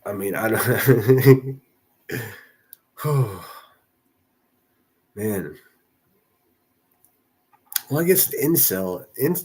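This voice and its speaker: A man's voice: fairly low pitch, a little mellow, breathy edge. A man from a northern US city hosting a casual livestream, rambling through commentary and reading chat messages aloud with frequent restarts. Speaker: livestream host.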